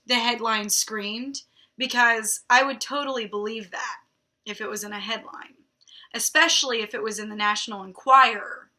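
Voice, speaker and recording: Bright, snarky woman reading aloud. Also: a little high, fairly even intonation, moderate pace. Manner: snarky, mocking asides between read passages. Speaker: podcast host reading a book aloud. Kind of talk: sarcastic book reading with commentary.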